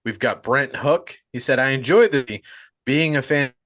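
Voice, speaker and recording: A man's voice: mid-range voice, normal speed, fairly bright tone, dry recording. A man hosting a horror movie podcast in loose, casual chat, swearing freely and joking around. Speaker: podcast host.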